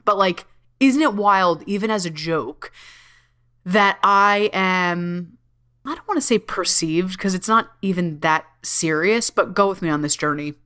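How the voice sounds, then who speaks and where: Bright, giggly woman podcast host. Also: on the low side. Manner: bubbly, giggly, swears freely, many fillers. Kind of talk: casual solo podcast talk.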